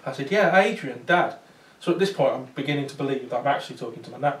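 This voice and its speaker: A man's voice: medium pitch, fairly even intonation, racing, a little mellow, a little hiss or hum. A man, a paranormal investigator, telling a chatty story to a small audience, with many fillers and restarts. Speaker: paranormal investigator giving a talk. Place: talk venue with small audience. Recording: roomy sound from far off.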